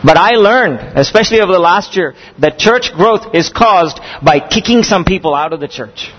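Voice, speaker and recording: A man's voice: sits high, lively intonation, moderate pace, fairly bright tone, muffled recording. A man preaching a sermon as a pastor, earnest and emphatic, building in intensity. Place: church or seminar hall. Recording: echoey hall with faint ambience.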